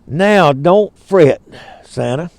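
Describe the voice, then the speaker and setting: A man's voice: on the high side, expressive, extremely slow, creaky, a little mellow, no room sound, full character voice. An older man with a Georgia Southern accent voicing a plain-spoken, reassuring old swamp farmer. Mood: homespun.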